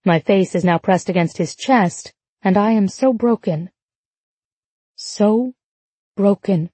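A woman narrates a novel in the first person with a measured, emotive reading. Her voice is husky and mellow in tone. The recording is dry and close, with no room sound. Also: medium pitch, no echo. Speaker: audiobook narrator.

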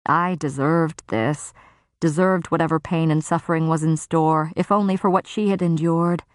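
A woman narrating a first-person fantasy novel in a measured, grave manner. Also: sits low, fairly even intonation, dry recording, clean studio sound. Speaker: audiobook narrator.

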